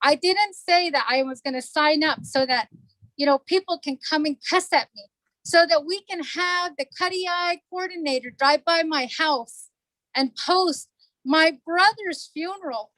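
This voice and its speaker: A woman's voice: high voice, measured pace, fairly bright tone, no room sound, rough recording. A middle-aged woman, a council delegate, addressing a community meeting in an earnest, emotional way and repeating herself for emphasis.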